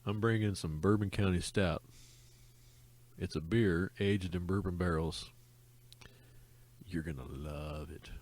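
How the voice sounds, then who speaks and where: A man co-hosting a casual podcast, easygoing and quick to laugh. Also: low voice, a little mellow. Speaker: podcast co-host. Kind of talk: casual chat. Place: back porch, outdoors.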